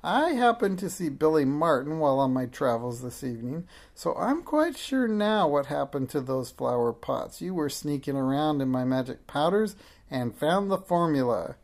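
A storyteller voicing a cruel, bossy old witch who screeches her threats in a shrill voice. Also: big pitch swings, normal speed, a little mellow. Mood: shrieking. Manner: snapping threats, high cackling tone.

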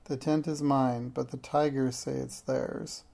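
A small, timid boy from a children's storybook, as a reader puts him on. He speaks meekly, in a flat, mellow voice. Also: medium pitch, measured pace, gravelly. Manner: meek.

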